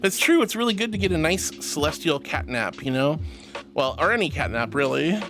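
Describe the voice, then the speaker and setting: Affectionate streamer with a lively, bouncing voice. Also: medium pitch, a little fast. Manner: affectionate, calls viewers sweetie and honey; gushing, giggly thanks. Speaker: VTuber streamer. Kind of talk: casual live-stream chat reading.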